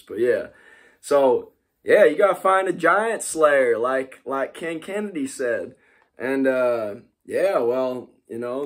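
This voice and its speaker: A young man teaching a class, rambling in casual talk full of fillers and asides. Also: medium pitch. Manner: rambling, full of "like" and "you know".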